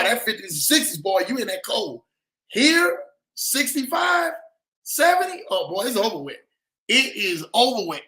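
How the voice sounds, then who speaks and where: High, bright-voiced hype livestream host. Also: male voice, reverberant. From lives in Denver. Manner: hype, repetitive "man" and "in the building". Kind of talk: casual livestream chat with shout-outs.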